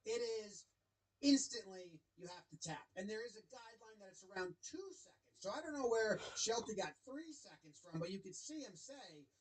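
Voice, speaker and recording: A man's voice: high voice, animated, normal speed, slightly rough, low-quality recording. A man giving wry, chatty play-by-play commentary over a baseball clip. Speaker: sports video commentator.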